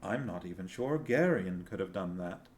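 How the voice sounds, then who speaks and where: A man reading a novel aloud and voicing a wise, motherly sorceress who speaks calmly and gravely. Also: low voice, normal speed. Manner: calm, grave and steady.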